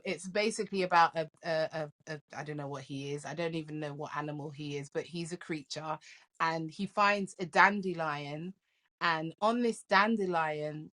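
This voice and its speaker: A middle-aged woman who works as a life coach appears as a guest in a casual interview, her voice on the low side. She tells stories in a lively way, laughs often, and repeats words when starting sentences.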